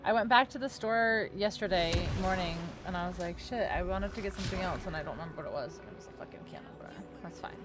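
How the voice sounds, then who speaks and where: Woman with a lowish voice, dry jokes while gaming, game music clearly audible behind. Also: fast talker, few pauses. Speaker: co-host streaming a game. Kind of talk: casual gameplay chat.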